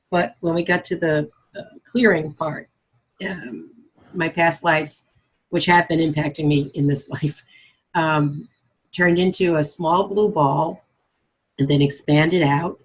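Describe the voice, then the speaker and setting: Husky participant telling how the healing felt, lots of ums, laughs here and there. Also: medium pitch, poor audio. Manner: hesitant with fillers, laughs easily. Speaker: webinar participant. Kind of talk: casual sharing of experience.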